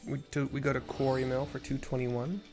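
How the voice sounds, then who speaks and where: A man's voice: mid-range voice, little pitch movement, fairly quick. A man casually narrating a game playthrough for blind viewers, describing the action and correcting himself as he goes. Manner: chatty, self-correcting. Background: game music.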